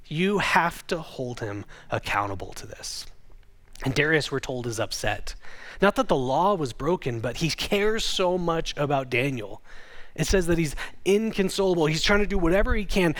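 A man's voice: medium pitch, expressive, a little slow, long pauses, fairly bright tone. A man, a pastor, gives a conversational sermon, retelling a scripture story and reading it aloud. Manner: conversational storytelling with dramatic quoted voices.

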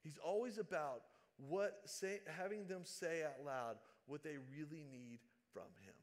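Male preacher, fairly high voice, sermon delivery, big swings from loud to hushed. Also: measured pace. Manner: dramatic swings from loud calls to hushed asides.

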